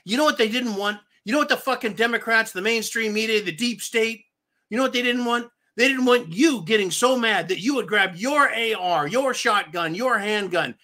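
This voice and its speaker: A man's voice: high voice, pushed and bright. A man hosting a political commentary show, ranting in a profane, sarcastic way, repeating phrases for emphasis and calling his listeners folks. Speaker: host.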